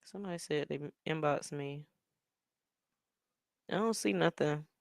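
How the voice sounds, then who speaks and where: A woman's voice: low voice, normal speed, vocal fry, no room sound, clean studio sound. A woman hosting a watch party stream, reacting in casual commentary and talking straight to her viewers with laughs and asides.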